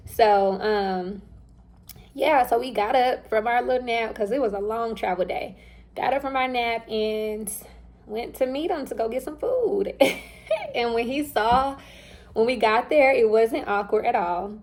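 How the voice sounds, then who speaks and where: A young woman with a slightly high voice tells a story in easy, informal chat. She is animated, slips into the voices of the people she quotes, and speaks straight to her listeners as if among friends. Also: a little slow. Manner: animated, acts out quoted dialogue; chatty and informal, addresses listeners directly. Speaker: vlogger. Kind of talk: casual storytelling.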